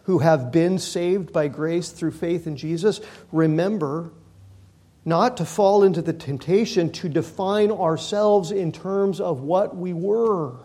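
A pastor preaching a sermon, stressing key words with slow, emphatic repetition and rising force. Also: male voice, fairly high pitch, darkish tone.

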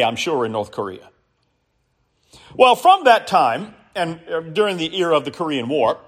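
Lively-voiced male preacher. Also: a little high. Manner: earnest, measured storytelling with emphatic rises. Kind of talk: sermon.

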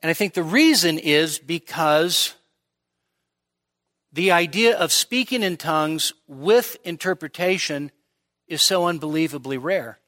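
A man preaching a midweek teaching sermon, walking his congregation through each point and pausing to check they follow. His voice sits a little higher than most men's and rings bright and forceful. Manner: explanatory, checks in with the congregation often. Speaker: pastor.

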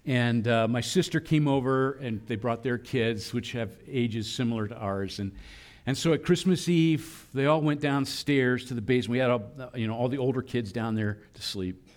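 A man preaching a sermon, animated, acting out voices in quoted lines. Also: mid-range voice, normal speed. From Philadelphia area. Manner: animated preaching, voicing God and children in quotes. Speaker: pastor.

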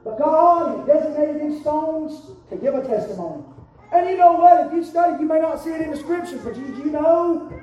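A man preaching a sermon in a church, shouting in rising, chanted cadences. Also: very high voice, expressive, moderate pace, muffled recording. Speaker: pastor. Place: church sanctuary. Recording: roomy church sound from a distant mic.

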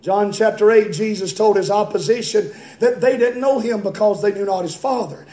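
High-voiced man preaching a fiery sermon. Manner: swings from quiet slow reading to high shouted preaching. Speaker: pastor. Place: church sanctuary. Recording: echoey church room.

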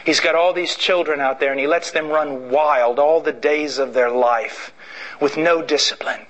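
A preacher from Illinois delivering an impassioned sermon. He swings between shouted declarations and low, intense passages. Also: normal speed, poor audio. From Illinois, USA. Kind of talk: fiery sermon.

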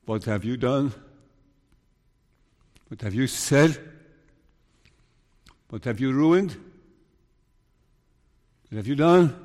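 A man preaching a sermon, telling a Bible story in an earnest, measured way and pleading with his listeners. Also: fairly high pitch, expressive. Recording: long reverb of a large hall.

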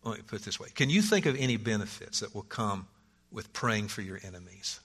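A man's voice: lowish voice, expressive, a little fast, a bit bright, slightly rough. A man teaching a Bible study class, earnest and searching, often repeating his words and putting questions to the group.

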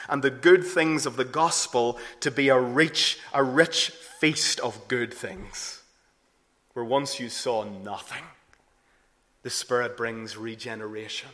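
A man preaching a sermon earnestly, rising to emphatic peaks and then dropping low and soft. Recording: long hall reverb.

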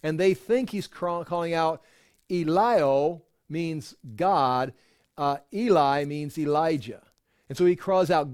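A man with a fairly high voice teaches scripture in a loose, conversational way. He often restarts sentences and drops in rhetorical asides. The sound is dry and close, with no room echo. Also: takes it slowly, a little mellow. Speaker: Bible teacher.

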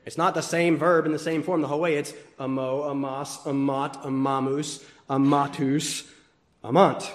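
A man preaching a sermon, swinging between loud emphasis and hushed asides, teasing the congregation now and then. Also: on the high side, flat delivery, moderate pace. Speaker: pastor.

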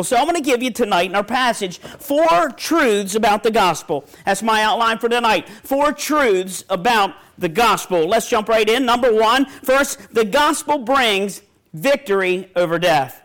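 Middle-aged man, pastor, high voice, folksy sermon delivery with scripture quotes. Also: lively intonation, moderate pace, a bit bright. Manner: folksy storytelling preacher, quotes scripture, stammers on restarts.

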